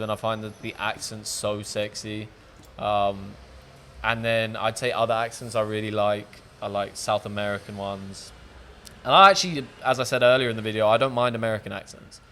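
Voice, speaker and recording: A man's voice: fairly low pitch, steady tone, normal speed, pushed and bright. A man hosting a casual sit-down chat, frank and jokey, swearing freely. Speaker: podcast host.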